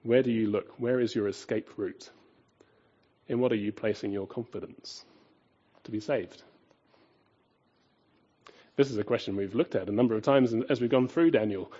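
A man preaches a sermon in a husky, warm voice. He presses his points with rhetorical questions, rising loud and dropping quiet. The recording sounds dull and lo-fi. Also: fairly low pitch, normal speed, long pauses.

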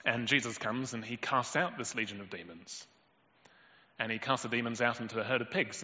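A man's voice: medium pitch, pushed and bright. A man preaching a sermon in a storytelling way, acting out quoted lines with sudden lifts in his voice. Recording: dull lo-fi audio in a long-reverb hall.

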